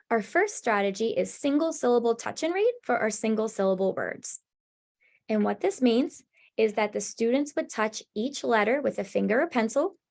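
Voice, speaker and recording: Slightly high, gravelly-voiced woman presenter. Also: darkish tone. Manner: explains step by step, conversational and instructive. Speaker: reading instruction director presenting a webinar; former classroom teacher and coach. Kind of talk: webinar presentation.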